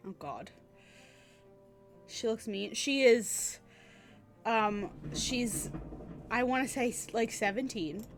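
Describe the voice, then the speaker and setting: A woman's voice: fairly high pitch, animated, slow, long pauses, faint music behind. Chatty giggly woman streaming a game. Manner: chatty, giggly, thinks aloud. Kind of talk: casual game-stream commentary.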